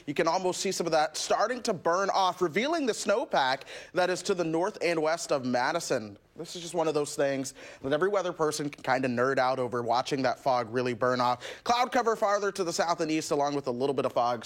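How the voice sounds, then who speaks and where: A man's voice: a little high, a little fast, hardly any pauses. A male weather forecaster, chatting easily through a live forecast. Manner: easygoing, chatty.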